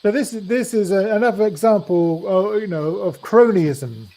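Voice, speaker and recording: A man co-hosting a casual politics chat, speaking haltingly with many restarts and ums. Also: sits high, warm tone, poor audio. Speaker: co-host.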